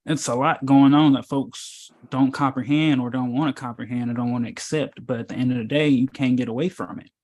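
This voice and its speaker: A man's voice: medium pitch, steady tone, brisk, few pauses, a little mellow. Male spiritual teacher, mid-range voice, loose preachy delivery, leans on fillers and rhetorical questions. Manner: emphatic, rambling, with many fillers and rhetorical questions. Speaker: spiritual teacher in an informal meetup. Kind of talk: casual preachy talk.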